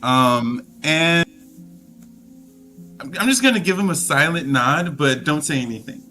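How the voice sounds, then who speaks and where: Slow, bright-voiced male player. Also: fairly high pitch, lively intonation, soft background music. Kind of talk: tabletop game play.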